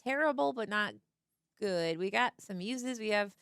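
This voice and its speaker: A woman's voice: medium pitch, animated, moderate pace, fairly bright tone, smooth, no echo. A woman gives loose, playful commentary on a card game match, often laughing and acting out what the players might say. Her voice sits in a middle register and sounds dry and close to the mic.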